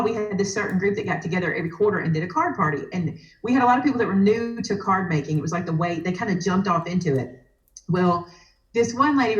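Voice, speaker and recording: A woman with a Southern US accent, chatting as a guest on a live crafting stream and telling stories with animated energy. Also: medium pitch, roomy sound, rough recording.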